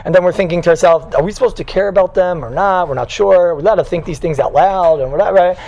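A man's voice: high-pitched, fast talker, vocal fry, a little mellow, low-quality recording. A man teaching a Torah class to a live group in a teasing, conversational way, telling stories and constantly checking in with "right?". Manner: tells stories, mixes in Hebrew and Yiddish terms.

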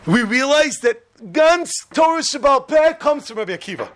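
A man teaching a religious class to students, lively and quick, acting out quoted speakers and firing questions at his listeners. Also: very high voice. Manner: animated, quick, acts out quotes and quizzes listeners.

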